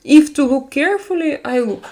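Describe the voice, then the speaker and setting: A woman's voice: high-pitched, moderate pace, a little mellow. A woman in her forties with a Russian accent, hosting a casual live stream and chatting with viewers, speaking non-native English with many fillers and restarts. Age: 40s.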